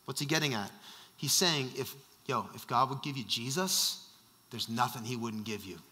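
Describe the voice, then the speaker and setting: A man's voice: medium pitch, expressive, moderate pace, sharp tone, in a large hall. A male senior pastor preaching a sermon, emphatic and fond of rhetorical questions.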